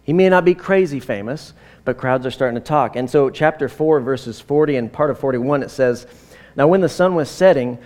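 A pastor in his forties preaches a sermon in a rambling, conversational style, packed with fillers and side stories. His voice is a little high with a dark tone, and he speaks at normal speed.

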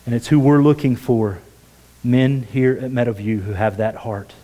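Earnest male pastor preaching in church, mellow dark voice, goes soft and hushed on quotes. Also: medium pitch, normal speed, poor audio. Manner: earnest, drops to a hush for quoted words. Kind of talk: sermon. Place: church sanctuary.

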